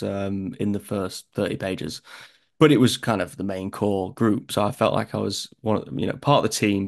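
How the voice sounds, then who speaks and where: A young man from northern England with a Northern English accent, an actor chatting in an interview and telling stories in a lively way. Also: fairly low pitch, vocal fry. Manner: chatty, animated storytelling. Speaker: actor guest. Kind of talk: casual interview chat.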